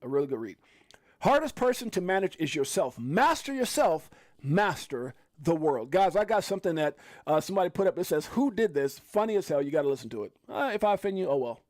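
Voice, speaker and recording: Excitable New man hosting a livestream. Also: fairly high pitch, a little fast. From Brooklyn, New York. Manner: excitable, laughing, lots of fillers. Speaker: crypto livestream host. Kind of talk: casual livestream commentary.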